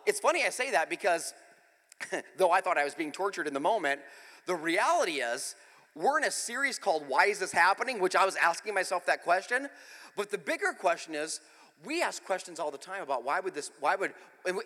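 A pastor giving a humorous, self-deprecating sermon with an animated storytelling manner, speaking in a church. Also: male voice, high voice, a little fast, in a large hall. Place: church in the speaker's home city.

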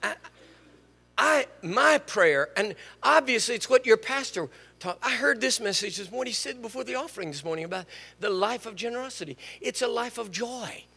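A man's voice: very high-pitched, moderate pace, vocal fry, breathy edge, long reverb tail. An older man preaching a sermon in a church, telling stories and joking with the congregation. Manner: storytelling, animated, jokes with the congregation. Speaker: guest preacher. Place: church sanctuary.

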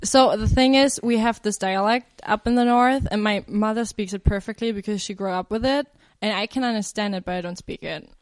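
A woman's voice: mid-range voice, brisk, hardly any pauses, no echo. A woman from northern Germany with a German accent, a guest explaining things simply in English. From Hamburg area, northern Germany.

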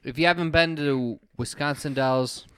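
A man telling a profane, animated story on a casual podcast, acting out his friends' lines. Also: on the high side, moderate pace, clean tone, no room sound. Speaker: podcast co-host.

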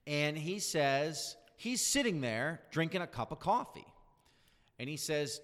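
A man's voice: fairly high pitch, unhurried, in a large hall. A man telling a long anecdote in casual chat, acting out the quotes of the people in it. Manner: animated storyteller, acts out quotes.

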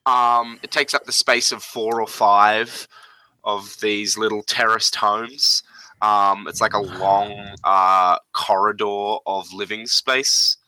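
Slow, bright-voiced man game master. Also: fairly low pitch, fairly even intonation, no echo, rough recording. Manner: hesitant, many fillers. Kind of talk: narrating a tabletop game.

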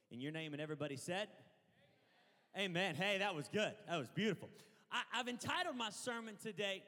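Male preacher, high pitch, loud call-and-response sermon, long hall reverb. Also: quick pace. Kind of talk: energetic sermon. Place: church auditorium.

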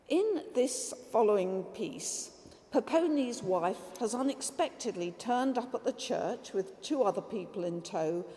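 A woman preacher giving a measured, reflective sermon that includes a story read aloud. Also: medium pitch, dark tone, in a large hall.

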